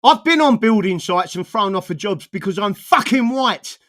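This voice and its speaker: A man's voice: high voice, animated, normal speed, a bit bright. A man from England, delivering an angry, profanity-filled political rant full of stammering restarts. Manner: furious, swearing, stammering restarts. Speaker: political commentator.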